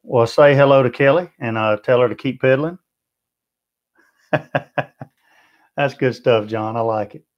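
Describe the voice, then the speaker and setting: A man with a medium-pitched voice and a Southern US accent speaks slowly, with long pauses, in dull-sounding audio. He hosts a BBQ channel livestream, chatting warmly and answering viewer comments one at a time.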